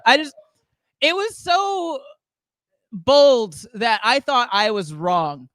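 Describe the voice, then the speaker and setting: A man's voice: extremely high pitch, expressive, slow, fairly bright tone, no room sound, studio quality. A man from the Southern US doing a rambling stand-up comedy set, chuckling at his own jokes. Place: comedy show studio.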